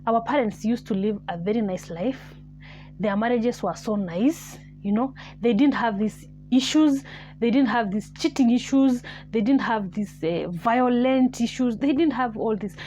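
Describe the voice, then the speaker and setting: Woman vlogging a story, keeps repeating herself, goes quiet and whispery, faint music behind. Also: fairly high pitch, unhurried. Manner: animated, repetitive, musing, drops to near-whispers. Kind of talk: casual storytelling.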